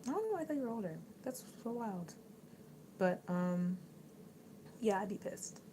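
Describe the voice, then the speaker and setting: A woman's voice: mid-range voice, very animated, moderate pace, dark tone, a little hiss or hum, low-quality recording. A young woman hosting a casual livestream, chatting and reading out viewer comments in a rambling way, full of likes and restarts. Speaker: livestream host.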